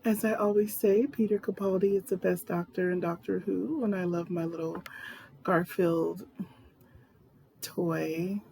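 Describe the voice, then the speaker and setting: A woman's voice: fairly low pitch, fairly even intonation, unhurried, gravelly, warm tone, a little hiss or hum. A woman talking casually to camera in a personal vlog, rambling and candid. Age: adult. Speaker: vlogger.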